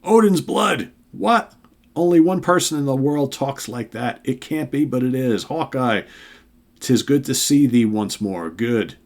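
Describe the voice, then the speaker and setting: A man's voice: medium pitch, lively intonation, takes it slowly, darkish tone. A man voicing a mighty male thunder god from a comic, speaking in stiff, archaic language. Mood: overjoyed. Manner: archaic, formal speech.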